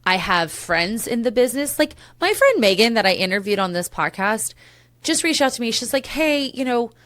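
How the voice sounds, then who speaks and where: A woman's voice: mid-range voice, big pitch swings, fairly quick, fairly bright tone, no echo. A woman in her thirties hosting a solo podcast, talking candidly and emotionally, swearing casually and drifting into tangents. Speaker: podcast host.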